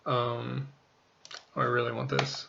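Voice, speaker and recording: A man's voice: medium pitch, level tone, measured pace, creaky, dull audio, heavy background noise. A man casually talking through a game tutorial, rambling, joking at his own expense and swearing now and then. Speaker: let's play host.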